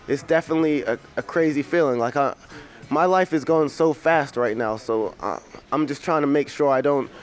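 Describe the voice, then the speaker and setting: A young man from England, raised in America, talking as a rapper guest in a relaxed, joking, rambling way. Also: medium pitch. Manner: joking, laid-back, rambling storyteller. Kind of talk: casual interview chat.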